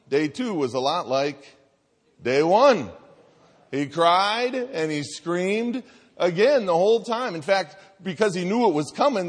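A man in his thirties preaching, telling a family story in a lively way and acting out the voices of the people in it. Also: high voice, breathy edge. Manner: animated storytelling, acts out voices. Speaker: pastor. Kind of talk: sermon with personal story. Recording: reverberant hall.

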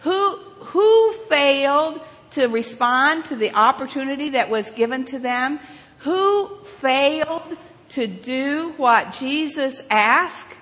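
A woman with a high, bright voice tells a story at an unhurried pace, acting out each moment with dramatic rises and asking her listeners questions as she goes. Her voice rings through a large hall with long reverb. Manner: animated, dramatic retelling with rhetorical questions. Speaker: children's sermon leader.

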